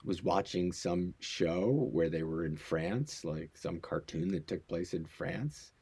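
A middle-aged American man with a very low, husky voice and a mellow, dark tone. He chats casually and playfully as a podcast co-host and laughs easily. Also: slow pace. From United States. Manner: laid-back, playful, laughs often. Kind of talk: casual chat.

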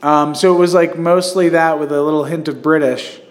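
A man's voice: a little high, steady tone, fairly quick. A man hosting a podcast, telling stories in a loose, rambling way with lots of fillers, restarts and laughter. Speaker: podcast host. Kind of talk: casual chat.

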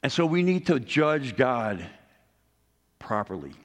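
A middle-aged man delivers a sermon with earnest conviction, his voice sitting in an ordinary middle register. He lifts his pitch and volume to drive home key points. His words ring out with a long reverb, as in a large hall. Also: sing-song, slow. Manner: earnest preaching, rising emphasis on key points. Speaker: pastor.

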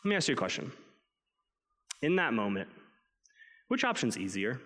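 A man's voice: medium pitch, huge pitch swings, moderate pace, pushed and bright, in a large hall. A man preaching a sermon in a conversational way, acting out inner voices and prayers as he speaks. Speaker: pastor.

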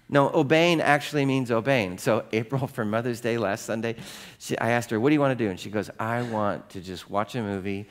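A man's voice: fairly low pitch, brisk. A middle-aged male pastor preaching a sermon to his congregation in a conversational way, asking them questions and acting out the voices in his own stories. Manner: conversational, asks the congregation questions, acts out quoted voices in anecdotes.

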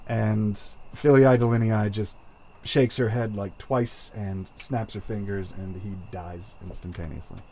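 A man narrating as game master for a tabletop game, slow and hesitant with many fillers. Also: lowish voice, fairly even intonation, warm tone.

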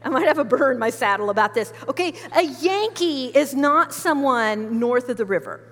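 Lady pastor giving a sermon, high voice, chatty asides, long hall reverb. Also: lively intonation, moderate pace, a bit bright. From United States. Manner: conversational, emphatic, frequent asides.

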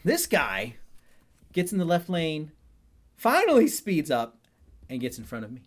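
A man in his thirties hosting a podcast, telling stories about restaurant work and driving with lively laughs. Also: fairly high pitch, unhurried, noisy background. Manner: animated storytelling with wild laughs. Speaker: podcast host; server in restaurants. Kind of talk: casual chat.

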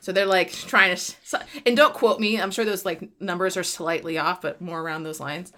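Bright, lower-voiced chatty woman host. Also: fairly even intonation, fairly quick. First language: Spanish. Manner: rambling, laughing, swearing freely. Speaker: podcast host. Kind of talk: casual chat.

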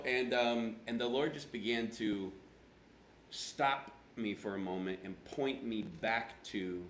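A man preaching a conversational sermon, telling stories with self-deprecating humor and acting out his own past words. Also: lowish voice. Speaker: pastor. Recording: roomy echo with faint background hum.

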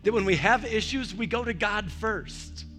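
A man's voice: sits high, moderate pace, faint music behind. A male pastor preaching a verse-by-verse sermon, telling stories and acting out the voices he quotes. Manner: animated storytelling with quoted voices.

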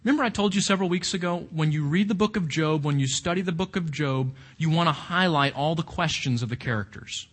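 A man with a high-pitched voice teaches through a Bible book. His delivery is animated and full of questions put to the listeners. He moves between reading passages aloud and explaining them. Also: brisk, few pauses. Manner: animated, asks the audience questions.

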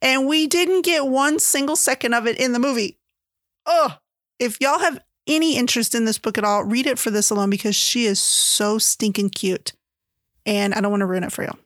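A woman's voice: fairly high pitch, a bit bright, no room sound, studio quality. A woman chatting casually as a book reviewer, gushing and full of filler words. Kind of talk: casual chat.

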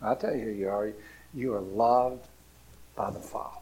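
A man preaching a storytelling sermon, swinging between loud bursts and hushed, near-whispered lines. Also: fairly low pitch, moderate pace, breathy edge.

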